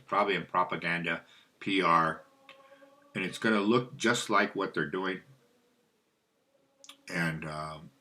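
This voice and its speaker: A man's voice: low voice, bright, forceful tone. A man talking in a rambling monologue, often losing his thread and asking questions aloud, then answering them himself. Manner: rambling, loses track, asks dowsing questions aloud. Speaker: spiritual video host.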